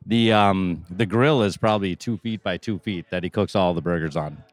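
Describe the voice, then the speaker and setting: Male podcast guest from Minnesota, laid-back with dry humor, low voice, dry close sound. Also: normal speed, dry recording. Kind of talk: casual chat.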